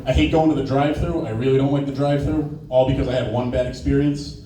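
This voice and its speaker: A man's voice: mid-range voice, fairly even intonation, fast, mellow, distant mic. A young man doing a casual, profane stand-up set, telling stories and slipping into brief put-on voices. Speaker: stand-up comedian. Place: small open-mic room. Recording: echoey room from off-mic, faint noise.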